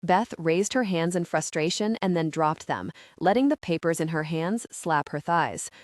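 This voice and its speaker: A woman narrating a first-person audiobook with an expressive, measured reading. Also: on the low side, no echo, studio quality.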